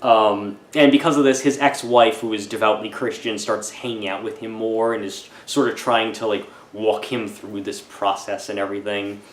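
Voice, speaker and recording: A man giving a casual, wry film review, digressive and halting, in a roomy echoey room. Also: on the low side, steady tone.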